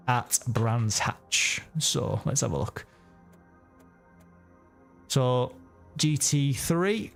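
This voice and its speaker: A man chatting casually and correcting himself while commenting on a racing game live. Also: mid-range voice. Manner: chatty, rambling, self-correcting. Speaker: sim racing streamer.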